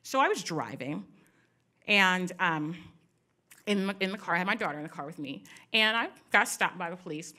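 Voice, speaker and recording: A woman's voice: fairly low pitch, lively intonation, normal speed, sharp tone. A middle-aged woman speaking candidly to an audience at a panel event, telling personal stories with many asides.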